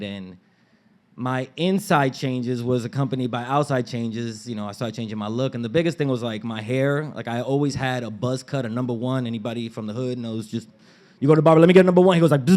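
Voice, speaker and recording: Animated man telling a story on stage. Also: mid-range voice. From Dominican family background. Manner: animated, acts out family members' lines in raised voices; casual street slang and swearing. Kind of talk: live personal storytelling on stage. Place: stage at a live story slam.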